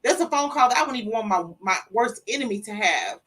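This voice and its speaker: A woman's voice: a little high, fast, distant mic, poor audio. A middle-aged woman telling an emotional story in an interview, acting out the voices of the people in it. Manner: emotional, animated retelling with acted-out quotes. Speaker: interview guest. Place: studio.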